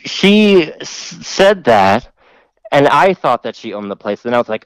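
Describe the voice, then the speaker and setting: A man on a podcast casually telling a rambling, profane story, mimicking other people in a higher voice. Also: big pitch swings, measured pace, smooth, no echo, rough recording.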